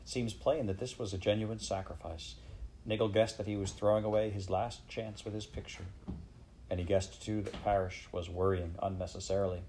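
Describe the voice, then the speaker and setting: A gentle, authoritative voice pleads kindly, as a man reading an audiobook puts it on. The tone is low and mellow, firm but not soft. It sounds hopeful and sad at once. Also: fairly even intonation, normal speed, slight background noise, lightly acted, low-quality recording.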